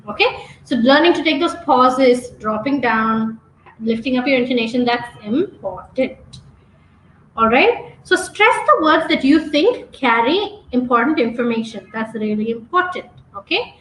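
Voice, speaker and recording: Woman tutor on a webinar mic, high voice, encouraging check-ins, roomy echo, light hiss. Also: lively intonation, a little slow, a bit bright. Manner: coaching, checks in with frequent "okay?". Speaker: exam prep trainer. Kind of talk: online webinar teaching.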